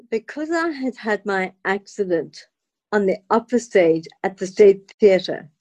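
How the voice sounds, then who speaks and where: A woman, an actress telling her story as a guest in dramatic, expressive bursts with stammered restarts. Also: medium pitch, no echo. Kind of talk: animated personal storytelling.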